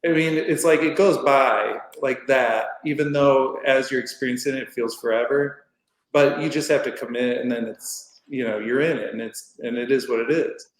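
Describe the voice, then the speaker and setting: A middle-aged man telling a long story casually as a podcast guest, rambling and animated, acting out what people said. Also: medium pitch, moderate pace. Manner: rambling, animated retelling with acted-out quotes. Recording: roomy echoey room.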